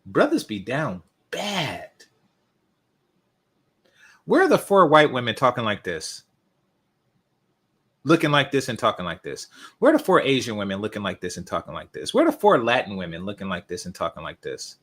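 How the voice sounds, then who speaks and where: A man's voice: lowish voice, huge pitch swings, fairly quick, fairly bright tone. A man hosting a reaction video, commenting with open scorn over a clip. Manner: scornful, mocking.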